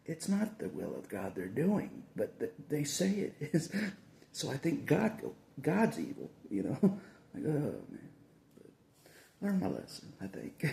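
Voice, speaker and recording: A man's voice: fairly low pitch, vocal fry, mellow, echoey room, slight background noise. A man rambling in a casual monologue to camera, repeating himself and chuckling between phrases.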